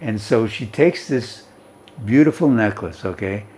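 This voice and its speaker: A man's voice: fairly low pitch, expressive, a little slow, warm tone. A male teacher explaining a story and its vocabulary in an English lesson, reading aloud and often checking in with "okay?".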